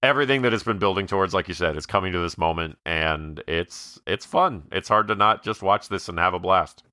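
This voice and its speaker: A man's voice: sits low, brisk, pushed and bright, clean tone, no echo, studio quality. A man co-hosting a podcast, chatting easily about a comedy film and agreeing with his partner. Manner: easygoing, agreeing, short replies. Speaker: podcast co-host. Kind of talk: casual movie discussion.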